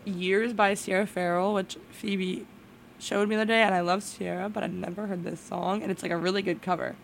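A woman's voice: mid-range voice, steady tone, brisk, vocal fry, slight background noise. A young woman co-hosting a college radio show, chatting casually and laughing often. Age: young adult.

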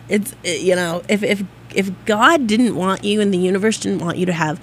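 A woman's voice: mid-range voice, a little hiss or hum. A woman hosting a radio show in a studio, talking in an effusive, rambling, upbeat way. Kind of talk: casual on-air monologue.

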